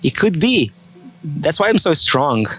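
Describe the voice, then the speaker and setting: A man's voice: fairly high pitch, sing-song, a little slow, bright, forceful tone, husky. A man co-hosting a podcast in a playful, joking casual chat. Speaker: podcast co-host.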